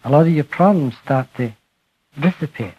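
A husky-voiced man gives a spiritual talk to a gathered group, leaning into key words and letting each phrase sink quietly at its end. The recording sounds muffled and lo-fi, like an old archive tape. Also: on the high side, lively intonation. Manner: slow, emphatic, trailing off softly at phrase ends. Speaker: speaker addressing a group. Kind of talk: spiritual talk to a live audience.

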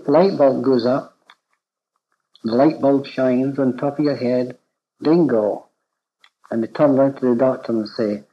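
A man giving a storytelling lecture to therapists, animated and anecdotal, acting out bits of dialogue. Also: mid-range voice, breathy edge. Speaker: speaker addressing therapists. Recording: dull lo-fi recording.

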